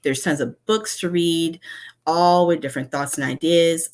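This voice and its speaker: Very low-voiced woman speaker. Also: fairly even intonation, moderate pace. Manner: candid, conversational, personal storytelling. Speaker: conference speaker, instructional designer. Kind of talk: online conference talk. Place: home.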